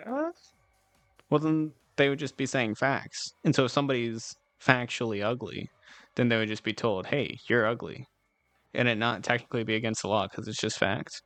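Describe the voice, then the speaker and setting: A man's voice: mid-range voice, fairly quick, a bit bright, no room sound, soft background music. A man streaming and chatting casually with his viewers, rambling in a laid-back way, swearing now and then and giggling often. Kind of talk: casual chat with live chat.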